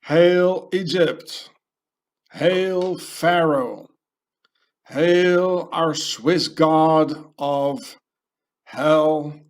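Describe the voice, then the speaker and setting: Brief: man putting on a pompous worshipper chanting hails, slow and loud. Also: on the high side, sing-song, heavily acted. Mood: mock-solemn. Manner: slow, drawn-out, mocking chant.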